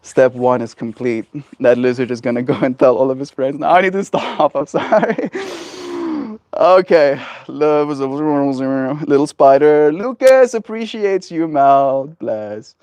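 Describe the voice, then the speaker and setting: Male livestreamer, casual porch chat, rambling and gentle, dry close sound. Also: mid-range voice, animated, unhurried, dry recording. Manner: rambling and gentle, heavy on fillers. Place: outdoors on a porch.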